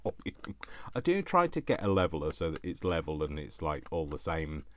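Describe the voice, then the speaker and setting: A man who talks fast and loud, chatting to himself by name while making crafts. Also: very deep voice, very animated. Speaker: crafting channel host. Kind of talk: casual chat while crafting.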